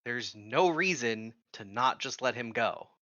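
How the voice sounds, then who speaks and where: Brief: forceful male player arguing, muffled lo-fi sound. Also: mid-range voice, expressive, measured pace. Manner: persuasive, arguing. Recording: dull lo-fi mic.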